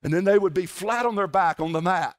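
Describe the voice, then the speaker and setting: A pastor from South Georgia with a Southern US accent, preaching a folksy, conversational sermon at a church service, with playful asides to the congregation. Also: male voice, high-pitched, brisk. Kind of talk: sermon with prayer and personal storytelling.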